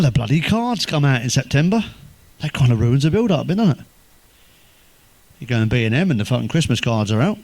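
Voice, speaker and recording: English male comic, foul-mouthed deadpan joke-teller, dry close sound. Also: medium pitch, no echo. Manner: swears constantly, deadpan one-liners, chuckles at own jokes. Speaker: stand-up comedian. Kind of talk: crude stand-up joke telling.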